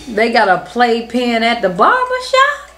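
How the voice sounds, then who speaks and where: A woman's voice: fairly high pitch, wildly swooping pitch, takes it slowly, fairly bright tone. A young woman hosting a reaction video, talking in casual slang, swearing and laughing as she comments and snacks.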